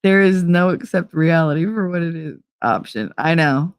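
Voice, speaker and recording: A woman's voice: fairly low pitch, animated, normal speed, no room sound. Blunt, foul-mouthed young woman streamer. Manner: blunt, profane and joking. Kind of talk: casual chat reading online quizzes aloud.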